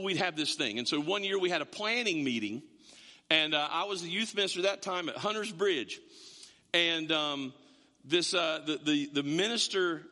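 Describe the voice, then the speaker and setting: A man's voice: on the high side, bright, forceful tone. A man preaching a sermon, telling stories with quoted voices and repeated words, as a pastor to a congregation. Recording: long hall reverb.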